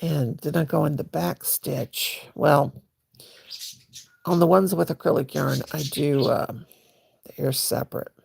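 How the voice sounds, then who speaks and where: A woman with a low, heavily gravelly voice rambles through a casual crochet livestream. She talks in a folksy, chatty way, addressing viewers directly while she works her stitches. Her tone is husky throughout. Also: steady tone, a little slow, darkish tone.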